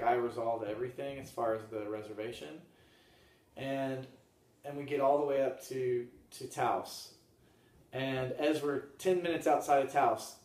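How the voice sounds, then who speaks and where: Man telling a rambling story, roomy sound. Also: medium pitch. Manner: rambling, laughs often, softens to a murmur for calm moments. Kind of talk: casual storytelling. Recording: roomy, from a distance.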